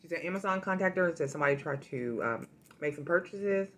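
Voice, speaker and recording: A woman food vlogger with a fairly low voice, chatting straight to her viewers. She tells stories in an animated, familiar way, like she's catching up with friends. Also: quick pace. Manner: chatty, addresses viewers directly, animated storytelling. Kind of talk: casual eating vlog with storytime.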